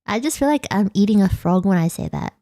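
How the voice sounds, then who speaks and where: Australian woman streamer, mellow tone, giggly and rambling, dry close sound. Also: medium pitch, expressive, quick pace, no room sound. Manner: giggly, rambling, self-deprecating. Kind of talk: casual late-night chat stream.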